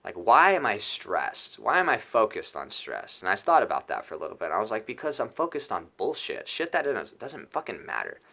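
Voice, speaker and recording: A young man telling a rambling personal story in a casual vlog, excitable and full of swearing and fillers. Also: fairly low pitch, a little fast, creaky, few pauses. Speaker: YouTuber telling a trip story.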